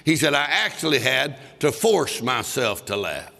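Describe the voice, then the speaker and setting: A man's voice: mid-range voice, very animated, unhurried, creaky, bright, forceful tone. A man preaching a sermon, telling a story and breaking into bursts of laughter as he exhorts. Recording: long reverb of a large hall.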